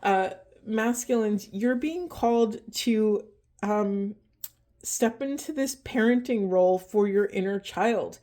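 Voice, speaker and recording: A woman giving a slow, halting spiritual card reading, emotional, with heavy breathing and a trembling voice. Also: medium pitch, dark tone. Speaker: oracle card reader.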